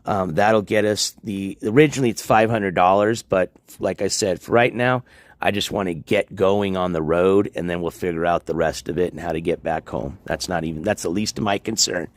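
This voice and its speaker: Laid-back low-voiced man streaming from home. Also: moderate pace, dry recording. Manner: relaxed, rambling with many fillers and laughs. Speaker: livestream host. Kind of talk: casual livestream chat. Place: at home, moving between yard and house. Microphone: handheld phone on a gimbal.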